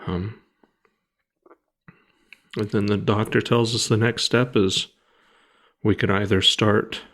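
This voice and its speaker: A man in his thirties, a podcast co-host, telling a personal story in a halting, grieving way with many restarts and pauses. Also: lowish voice, fairly even intonation, a bit bright.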